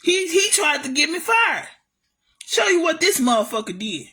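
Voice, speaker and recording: A woman's voice: very high voice, very animated, moderate pace, bright, forceful tone. A woman vlogger telling a family story in a profane, ranting way, repeating herself and calling out to her viewers. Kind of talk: angry storytime rant.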